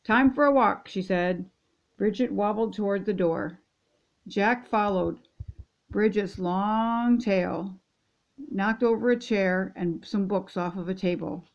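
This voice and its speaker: An older woman, a grandmother reading a children's picture book aloud in gentle, steady storytelling. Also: mid-range voice, slow, gravelly, dull audio. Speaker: storybook reader.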